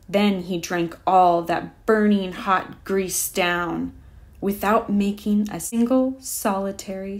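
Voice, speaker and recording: A woman reading a rhyming children's picture book aloud with a lively, rhythmic delivery. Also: mid-range voice. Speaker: storyteller.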